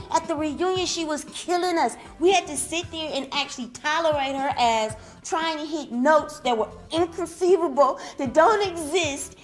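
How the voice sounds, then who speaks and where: Blunt, gossipy young woman. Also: high-pitched. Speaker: reality show contestant. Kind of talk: confessional interview.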